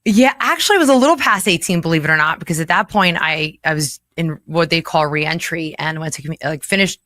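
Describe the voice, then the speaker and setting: A woman's voice: sits low, fairly quick, a bit bright, no room sound. A woman in her forties giving a candid interview as a guest, earnest and emotional, often laughing between difficult memories. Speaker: interview guest, local chapter chair.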